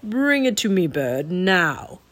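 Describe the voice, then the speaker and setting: A woman voicing a menacing male Raven King in a children's storybook, slow and sneering. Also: lowish voice, sing-song, fairly bright tone, heavily acted.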